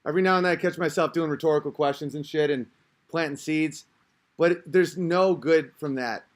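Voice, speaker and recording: A man's voice: fairly high pitch, fairly quick. A man hosting a podcast, talking in a rambling, crude, self-interrupting casual rant. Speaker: podcast host.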